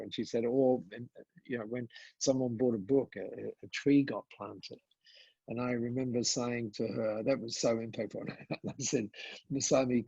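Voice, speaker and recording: An older man with a husky, breathy voice tells a story as a podcast guest, playing out the dialogue of the people in it with lots of "uh"s and restarts. The sound is dry and dull, like a low-fidelity remote recording. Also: no room sound. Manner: animated storyteller, acting out quoted dialogue, frequent "uh" and repeats. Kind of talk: storytelling in conversation.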